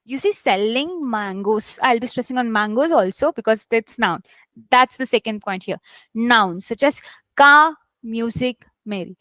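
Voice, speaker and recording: A woman with a high voice teaches a live online English class. She speaks close to the mic in a dry, dead-sounding space, leaning hard on key words as she demonstrates them. She checks in with her students often. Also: moderate pace, sharp tone, no room sound. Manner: explains with examples, often checks with "right?"; stresses words heavily to demonstrate. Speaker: English test instructor.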